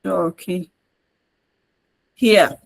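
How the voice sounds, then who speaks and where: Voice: medium pitch, steady tone, drawn-out words, gravelly, low-quality recording. A trainer with a Nigerian English accent gives a step-by-step online tutorial, repeating points and checking that listeners follow. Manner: repetitive, coaxing instruction with frequent checks on listeners.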